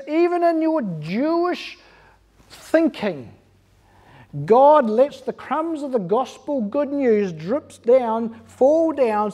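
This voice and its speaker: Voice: mid-range voice, warm tone. A pastor preaching an earnest, emphatic sermon in church, asking the congregation rhetorical questions.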